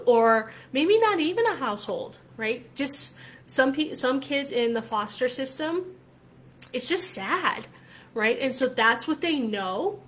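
A woman's voice: high-pitched, fairly bright tone. A woman coach talking casually to her viewers, emphatic and chatty, often tagging her points with "right?" and swearing freely. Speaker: spiritual coach. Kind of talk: casual talk to camera.

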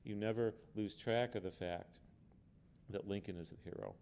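A man's voice: on the low side, moderate pace, a little mellow, slight background noise. A man speaking as an author on a book festival panel, earnest and emphatic, often repeating words as he goes. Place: book fair event.

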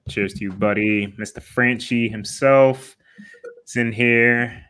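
A man's voice: medium pitch, steady tone, takes it slowly, a bit bright, clear, resonant tone, no echo. A man co-hosting a casual livestream, laid back and laughing often as he reads out names from the chat. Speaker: livestream co-host.

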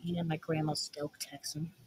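A woman doing casual reaction commentary, breaking into quick incredulous outbursts. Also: low-pitched, level tone, darkish tone, a little hiss or hum, rough recording. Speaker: video reactor.

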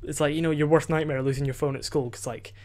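Into a desk microphone, a teenage boy hosting a podcast rambles rapidly through a casual story in a slightly high, mellow, steady voice. He fills it with verbal fillers and restarts and swears freely.

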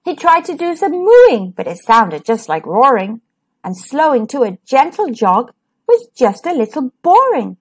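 Expressive woman reading to children. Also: high-pitched, unhurried, husky. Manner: expressive and sing-song. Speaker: children's storyteller. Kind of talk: reading a picture book aloud.

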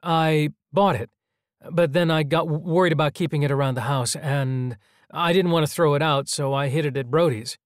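A flustered teenage boy, awkward and hesitant, stammering under pressure, put on by a man. He sits noticeably higher than the storyteller's own voice, in a dry, close sound. Cornered but loyal, he fumbles his words. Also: moderate pace, dry recording, lightly acted. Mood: confessing.

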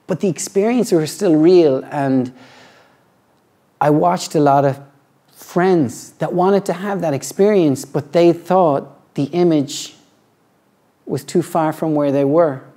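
Middle-aged guy, yoga teacher, soft dark tone, thoughtful rambling talk w lots of restarts. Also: fairly high pitch. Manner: earnest, halting, with frequent restarts. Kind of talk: reflective personal talk.

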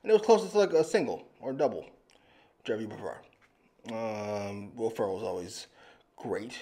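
A man's voice: lowish voice, expressive, fairly quick, pauses often, dark tone. A man hosting a casual movie reaction, rambling loosely with fillers, laughing often and swearing freely.

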